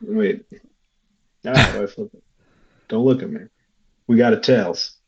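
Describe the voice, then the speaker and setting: A man's voice: mid-range voice, big pitch swings, measured pace, muffled recording. A man playing in a tabletop game, arguing his case and laughing often. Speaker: player. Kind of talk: casual game banter.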